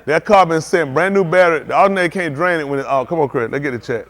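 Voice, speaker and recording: Delivering a sermon streamed live from a synagogue, this preacher keeps things homespun and chatty, quizzing the congregation and sometimes bursting out loudly. He talks fast and on the high side, with few pauses.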